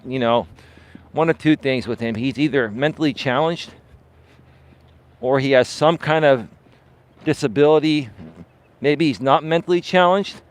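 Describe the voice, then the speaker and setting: Male coach ranting unscripted to his live viewers, mid pitch, dry sound, dismissive, leans on "right?". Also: no echo. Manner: dismissive, emphatic, keeps asking "right?"; repeats words for stress. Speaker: life and dating coach, live-stream host. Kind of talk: unscripted live-stream monologue.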